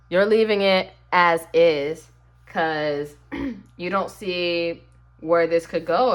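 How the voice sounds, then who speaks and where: Brief: lower-voiced woman, casual tarot reader, chatty and sassy, addresses the viewer directly. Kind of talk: casual tarot reading to camera.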